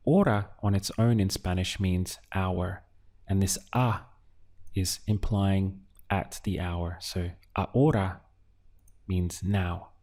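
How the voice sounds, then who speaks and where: A man teaching a language lesson, speaking calmly and patiently and pausing often so the listener can answer. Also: deep voice. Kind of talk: slow, deliberate language lesson.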